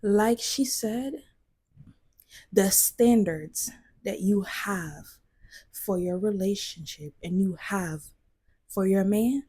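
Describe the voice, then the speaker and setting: A woman's voice: mid-range voice, slow, pauses often, mellow, slightly rough. A woman giving casual, passionate commentary as a vlogger, emphatic and sometimes dropping to a near whisper.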